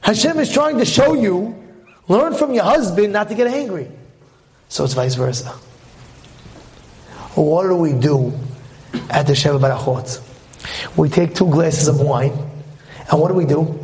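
A man speaking as a rabbi, giving a lively Torah talk with jokes, who acts out little scenes and keeps asking his listeners questions. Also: on the high side, unhurried, pauses often.

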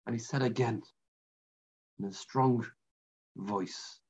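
A man giving a Torah class sermon, telling a story with dramatic pauses and Hebrew and Yiddish terms. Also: medium pitch, darkish tone. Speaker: rabbi. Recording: lo-fi muffled recording.

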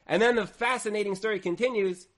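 A man teaches a Torah lesson in a fairly high voice. He tells the story with drama, acting out the quoted lines, and his volume rises and falls as he goes. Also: fast. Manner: dramatic storyteller, acts out quoted speech with swings in loudness.

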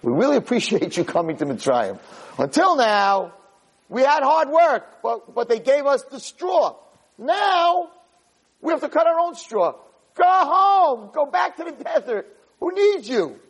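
A man voicing exasperated Israelite slaves, complaining sarcastically in a high, strained voice. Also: huge pitch swings, normal speed, slightly rough, in a large hall, exaggerated voice. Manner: whiny, sarcastic.

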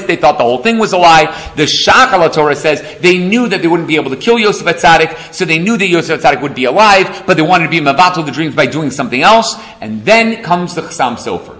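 A man's voice: fairly high pitch, a bit bright. A man giving a Torah class, telling stories and acting out the quotes. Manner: storytelling, acting out quotes, laughs along. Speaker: Torah lecturer.

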